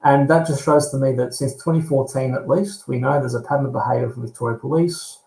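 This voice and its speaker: A man's voice: mid-range voice, fast talker, creaky. Roomy-sounding Australian man on a call. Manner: animated, repeats himself while finding words. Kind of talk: casual chat. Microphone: video call.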